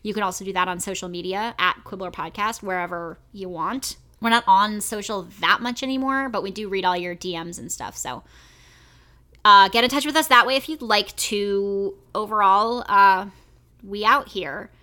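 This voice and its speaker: Bright-voiced woman podcast co-host. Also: medium pitch, normal speed. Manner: chatty, rambling sign-off. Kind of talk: casual chat.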